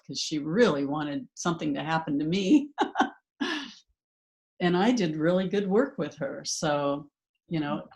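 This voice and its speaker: A woman's voice: deep voice, darkish tone. Chatty woman teaching hypnotherapy. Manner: chatty, fast with many fillers and restarts. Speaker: hypnotherapy instructor. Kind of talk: casual online class talk.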